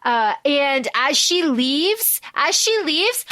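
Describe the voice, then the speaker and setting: A woman's voice: high voice, slow, slight background noise. A woman co-hosting a podcast, recapping a film in casual chat and acting out the characters' quarrels with emphasis. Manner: expressive storyteller, voices the characters' arguments with emphasis. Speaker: podcast co-host.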